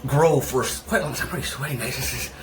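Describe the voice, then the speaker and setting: A man's voice: medium pitch, rapid-fire, heavy background noise. A man hosting a casual vlog, rambling through fillers and restarts while affectionately addressing his viewers, his voice still recovering. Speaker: channel host.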